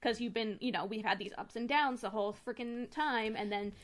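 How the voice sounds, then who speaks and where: A woman co-hosting a podcast in casual chat, animated, with loud laughs and casual swearing. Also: on the high side, brisk. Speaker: podcast co-host.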